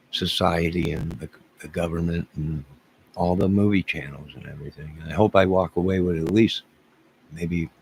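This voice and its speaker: Low gravelly man around fifty ranting. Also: slight background noise. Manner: rambling, exasperated, repeats phrases. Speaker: livestreamer talking to his chat. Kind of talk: rambling livestream rant.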